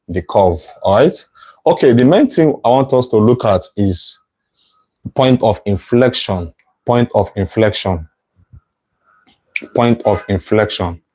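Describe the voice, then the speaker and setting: A man's voice: lowish voice, warm tone, low-quality recording. A male math tutor teaching a live online lesson, thinking aloud as he sketches a curve, correcting himself and checking in with "right?".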